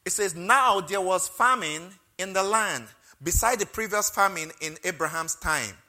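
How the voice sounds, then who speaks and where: Bright high-voiced man preaching. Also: lively intonation, unhurried. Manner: emotional storytelling, rising loud on key phrases. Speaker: pastor. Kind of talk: sermon with personal testimony.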